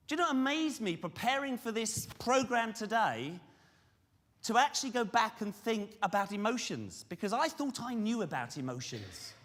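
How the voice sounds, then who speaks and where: A man giving a lively conference presentation, questioning the audience directly. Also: sits high. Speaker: conference speaker on fundraising. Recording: reverberant hall.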